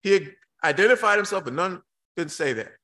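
A man preaching a sermon, reading scripture slowly and emphatically with dramatic pauses, breaking into excitable asides. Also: sits high.

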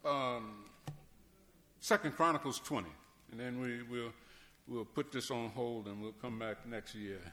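A man preaching a sermon as pastor, repeating words and swinging from soft asides to hollering. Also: mid-range voice, unhurried.

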